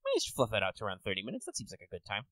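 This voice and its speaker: Fast, bright-voiced man chatting. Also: fairly low pitch, no echo, low-quality recording. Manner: rambling, swearing, quick bursts of excitement. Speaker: podcast co-host. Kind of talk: casual chat.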